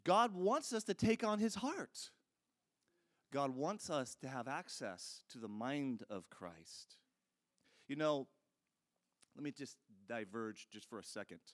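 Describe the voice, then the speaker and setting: A man's voice: medium pitch, lively intonation, slow pace, pauses often. A man preaching a sermon in a conversational, storytelling way, speaking straight to his listeners. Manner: earnest, conversational, addresses the audience directly.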